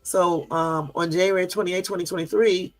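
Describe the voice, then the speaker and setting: On a casual livestream, a man speaks in a high, gravelly, raised voice at normal speed, his intonation fairly even. He rambles indignantly, filling gaps with "um," and talks straight to his live audience, answering their comments over faint, soft music.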